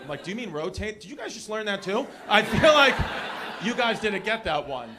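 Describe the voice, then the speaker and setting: A man from Queens doing a stand-up comedy set, loud and animated, shouting punchlines and working the crowd on a comedy club stage. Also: high voice, a little fast, background noise. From Queens, New York. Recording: live club crowd laughing.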